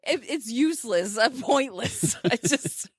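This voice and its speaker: A woman in her thirties chats on a podcast and keeps laughing as she talks. She pokes fun at herself in a high, bright register. The sound is close and dry. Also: animated, a little slow, slightly rough, dry recording. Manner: laughs often, self-mocking. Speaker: podcast co-host. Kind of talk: casual podcast chat.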